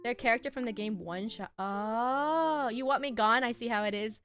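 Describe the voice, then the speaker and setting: Giggly high-voiced young woman streamer. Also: moderate pace, a bit bright, faint music behind. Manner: giggly, laughs often between remarks; bubbly, teasing banter with chat. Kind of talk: casual chat with live viewers. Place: at home.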